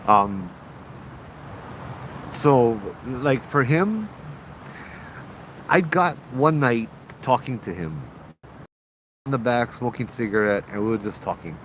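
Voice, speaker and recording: Casual male livestream host with a Hawaiian Pidgin accent, mid-pitched and chatty, background noise and vehicles heard behind him. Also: lively intonation, slow, pauses often, fairly bright tone, poor audio. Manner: chatty, reads viewer comments aloud, frequent "right?". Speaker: paranormal show host.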